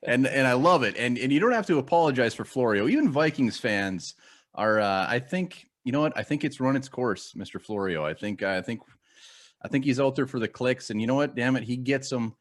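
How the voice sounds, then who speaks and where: A man's voice: medium pitch, animated, brisk. A man hosting a casual sports podcast, wry and joking as he questions his guest. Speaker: podcast host.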